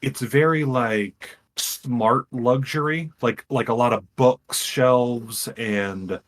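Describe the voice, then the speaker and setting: A young man co-hosting a podcast, retelling a story in a rambling, animated way with frequent restarts. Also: medium pitch, slow. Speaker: podcast co-host. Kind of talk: casual chat, retelling a game.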